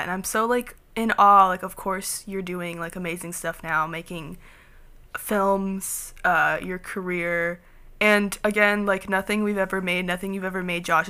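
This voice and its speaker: A woman's voice: fairly low pitch, bright, forceful tone. A woman guesting on a casual podcast, speaking earnestly and encouragingly to her friend.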